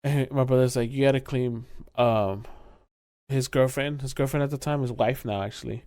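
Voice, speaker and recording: A young man co-hosting a podcast tells a drunk story in casual chat, swearing often and acting out quotes amid bursts of laughter. His mid-range voice is warm, with fairly even intonation and normal speed, and the recording is dry and clean, studio-quality.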